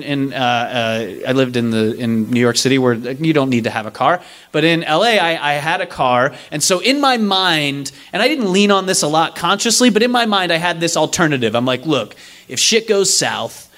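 A young man telling a comedic story live on stage, acting out the other people's lines in an animated way. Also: a little high, fairly quick, few pauses. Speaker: stand-up storyteller. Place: live stage before an audience.

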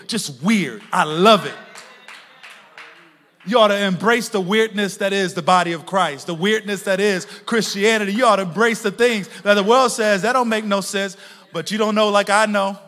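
High, bright-voiced preacher in a reverberant church. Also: male voice, moderate pace. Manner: swings from hushed, intimate talk to loud shouted preaching; playful, laughing asides to the congregation. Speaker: pastor. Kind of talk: sermon. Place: church sanctuary with a congregation. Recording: long reverb of a large church hall.

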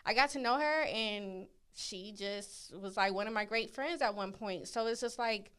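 A woman's voice: medium pitch, moderate pace, a bit bright, clean tone. A woman co-hosting a podcast in casual chat, easygoing and filler-heavy as she explains her views. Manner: easygoing, lots of fillers like "you know what I'm saying". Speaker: podcast co-host.

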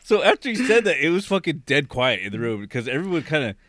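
A man's voice: fairly high pitch, sing-song, fast, fairly bright tone, no room sound, clean studio sound. A man in casual chat, telling a profane story from work with lots of quoted dialogue.

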